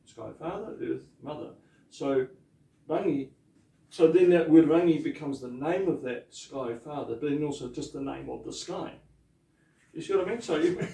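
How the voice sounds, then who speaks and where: A man, a pastor teaching te reo Māori in a chatty lesson, with laughing asides and slow repeated words to drill pronunciation. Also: on the high side, creaky, dark tone, distant mic. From New Zealand. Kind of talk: informal language lesson. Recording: echoey room, voice off mic.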